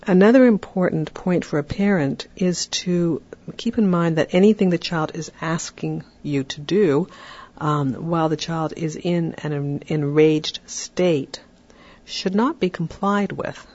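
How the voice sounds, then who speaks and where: A podcast host giving parenting advice in a calm, explanatory way, often checking in with "right?". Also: mid-range voice, a little slow, dull audio.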